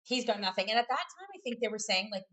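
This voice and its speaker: A woman co-hosting a podcast, telling a story in a casual, animated way and quoting herself. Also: medium pitch, racing. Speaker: podcast co-host.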